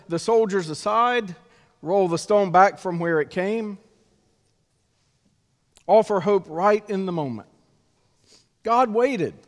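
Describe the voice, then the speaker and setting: A male pastor delivering an Easter sermon in a slow, measured way with dramatic pauses, in a church sanctuary. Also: high voice. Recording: long reverb of a church sanctuary.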